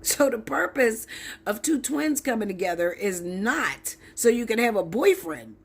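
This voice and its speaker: A woman's voice: a little high, big pitch swings, unhurried, vocal fry, breathy edge. A woman tarot reader ranting straight to her viewers, blunt, preachy and heavy with swearing. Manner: blunt, profane, emphatic, preachy. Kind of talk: ranting direct-to-camera monologue.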